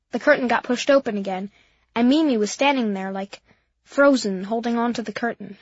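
A woman with a fairly high voice narrates a children's story in a boy's first-person voice. Her telling is simple and earnest, on a dull, dry, lo-fi recording. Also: fairly quick, no room sound. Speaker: audiobook narrator.

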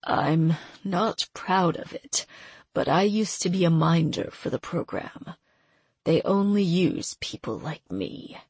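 A woman's voice: on the low side, animated, slow pace, a little mellow, breathy edge, no room sound, full character voice. A woman voicing a stern old man who gives urgent orders, in an audiobook. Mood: rueful. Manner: urgent, commanding.

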